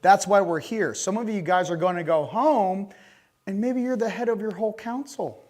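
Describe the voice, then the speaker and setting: A man speaking to a conference audience, animated and joking, blunt and crude as he makes his points. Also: high-pitched, moderate pace. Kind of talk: live talk to an audience.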